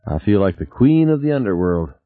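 A man's voice: on the low side, very animated, brisk, no echo, pitched above the performer's own voice. A male reader voicing an anxious woman scientist with a wry, nervous way of talking. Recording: tinny phone-like sound.

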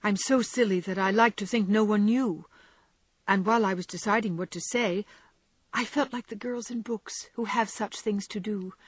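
A woman voicing a gentle young woman who speaks in a pleading, distressed way. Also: mid-range voice, normal speed, husky, no echo, natural voice. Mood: ashamed.

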